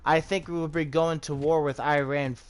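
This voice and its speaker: A man's voice: a little high, steady tone, moderate pace. Man, from the US, livestreamer, casual profane rambling talk, frequent restarts. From United States. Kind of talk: casual rambling commentary while gaming.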